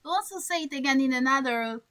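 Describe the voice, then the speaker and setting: A woman's voice: high-pitched, lively intonation, fast, a bit bright. A woman coaching an online English class, stretching key words and acting out examples. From French-speaking Africa. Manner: stresses words by drawing them out, acts out examples.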